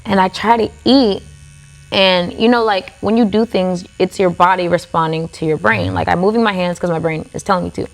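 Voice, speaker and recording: A woman with a fairly low, gravelly voice and fairly even intonation talks a little fast while guesting on a tattoo studio podcast. She recounts a story in a relaxed, chatty manner, with "like" as a constant filler.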